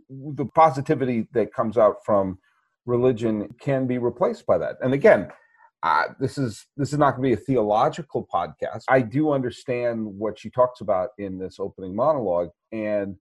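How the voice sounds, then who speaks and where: A man hosting a sports podcast, talking through a film in a rambling, animated way with many restarts. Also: on the low side. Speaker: podcast host. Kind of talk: casual movie chat.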